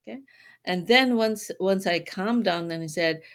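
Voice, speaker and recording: A woman hosting a casual interview, telling a story in lively, quick bursts and laughing often. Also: medium pitch.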